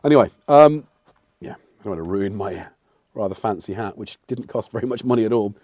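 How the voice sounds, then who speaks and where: A man's voice: fairly low pitch, animated, fairly quick, a little mellow, no room sound, clean studio sound. A middle-aged English man hosting a casual livestream, rambling and self-mocking as he answers the chat. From England. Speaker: livestream host.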